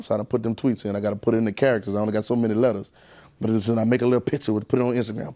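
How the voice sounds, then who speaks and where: A male preacher delivering a sermon, chatting with the congregation in folksy asides and building up in pitch and volume as he drives his points home. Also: steady tone, rapid-fire, warm tone.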